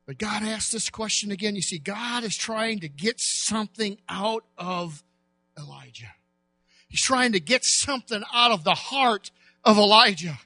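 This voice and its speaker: A male pastor preaching a sermon with impassioned shouts and cries. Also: sits high, measured pace, no room sound.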